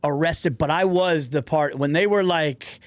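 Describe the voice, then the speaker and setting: High-voiced excitable male podcast host. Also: dry recording. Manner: excitable, quick interjections and restarts. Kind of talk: casual chat.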